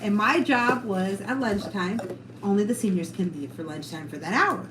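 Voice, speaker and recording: A woman's voice: mid-range voice, normal speed, fairly bright tone. A woman telling stories in casual chat, acting out the voices of the people in them and swearing freely. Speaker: storyteller on a podcast. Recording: roomy room with background noise.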